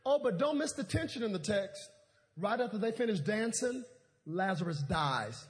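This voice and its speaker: A man's voice: sits high, animated, normal speed. A male pastor in his thirties preaching a sermon in a church auditorium, telling comedic stories with call-and-response.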